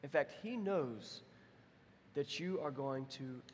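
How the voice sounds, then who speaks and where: A man's voice: medium pitch, lively intonation, takes it slowly, a little hiss or hum. A young adult man preaching a sermon as pastor, conversational and storytelling, swinging into voiced quotes. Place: church sanctuary. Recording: long hall reverb.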